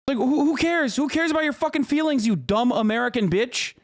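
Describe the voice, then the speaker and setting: A man's voice: very high voice, brisk. A man in his thirties streaming a heated, profane political rant to his chat, angry and stumbling over restarts.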